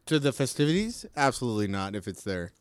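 A man's voice: mid-range voice, big pitch swings, quick pace, clear, resonant tone, no echo, clean studio sound. A man from Southern California co-hosting a podcast, blunt and dismissive in casual chat, swearing freely. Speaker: podcast co-host.

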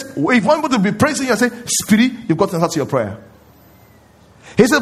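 A man's voice: high voice, very animated, fairly quick, husky. A man preaching a sermon as pastor at a church service, emphatic and repetitive, often quizzing his congregation.

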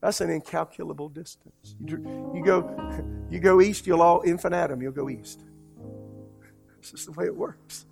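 A man preaching a sermon as pastor, telling stories and swinging between hushed lines and loud, emphatic ones. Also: on the high side, moderate pace, gravelly, music in the background.

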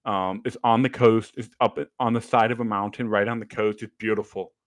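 A man's voice: lowish voice, a little fast, dry recording. A young man chatting casually as a podcast co-host, telling stories with lots of fillers and restarts. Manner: animated storytelling with fillers and restarts. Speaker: podcast co-host, former ballplayer. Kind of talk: casual chat.

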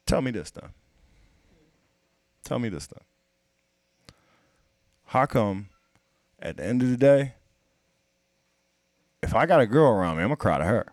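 A man's voice: medium pitch, animated, a little slow, pauses often, darkish tone, no room sound. A man in casual podcast chat, profane and emphatic, pressing his point with rhetorical questions.

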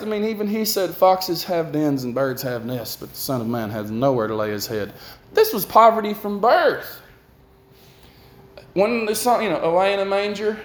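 A man's voice: high-pitched, reverberant. A man preaching a conversational sermon and putting questions to his listeners.

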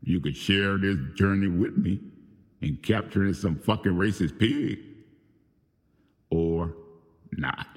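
Angry low-voiced man venting, reverberant. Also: slow pace, long pauses. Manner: profane, venting, confrontational, addressing people by name. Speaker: host of his own show. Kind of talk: angry unscripted monologue.

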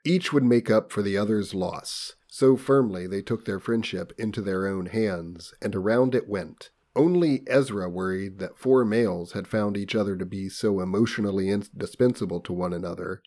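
A man with a fairly low voice reads a book aloud for a comedy podcast. His delivery is mock-solemn and theatrical. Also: moderate pace, hardly any pauses, darkish tone. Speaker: podcast co-host reading a novel aloud.

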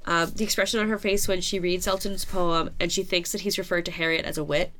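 A woman's voice: fairly low pitch, steady tone, fast talker, fairly bright tone. Chatty woman podcast co-host. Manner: chatty, self-mocking, often laughing at her own slips. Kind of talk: casual chat, talking through notes.

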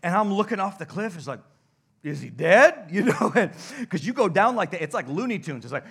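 A young adult male pastor preaching a sermon, telling stories animatedly and dropping to a hush at points. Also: sits high, slightly rough. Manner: animated, shouts and laughs in stories, drops to a hush. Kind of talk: sermon with storytelling. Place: church sanctuary.

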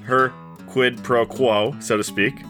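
A man's voice: mid-range voice, fairly even intonation, slow pace, over music. A man narrating as game master in a loose, joking way with many fillers.

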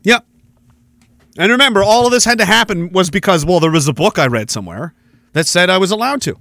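Man, podcast host, sarcastic profane rant, bright forceful voice, dry close sound. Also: high-pitched, expressive, a little fast, no echo. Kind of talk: ranting commentary over news clips.

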